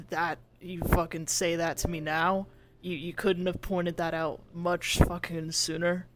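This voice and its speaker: A man's voice: mid-range voice, expressive, unhurried, gravelly. A man playing an irritable young man who swears often and sighs, trying to speak formally while a drawl slips in. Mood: exasperated. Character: grey-haired young man, irritable and touchy. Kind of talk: voice role-play in a virtual world.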